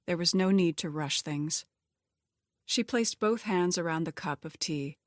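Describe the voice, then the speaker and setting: Steady female audiobook narrator, lowish voice, close dry read. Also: a little slow, no echo. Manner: steady, even storytelling. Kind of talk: scripted narration.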